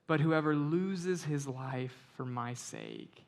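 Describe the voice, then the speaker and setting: A man's voice: on the high side, huge pitch swings, creaky. Male pastor preaching with rising emphasis. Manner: conversational preaching, building to loud emphatic stretches; reads scripture slowly and quietly. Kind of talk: sermon.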